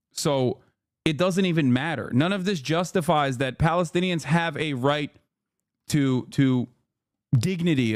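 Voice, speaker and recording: A man's voice: fairly high pitch, no echo, clean studio sound. A man streaming live, reacting to clips with sarcastic, profane commentary and mock anger.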